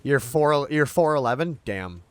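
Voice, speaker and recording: A man's voice: medium pitch, animated, unhurried, smooth. A man chatting casually on a game livestream, playful and rambling, swearing freely as he talks to his chat. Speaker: streamer.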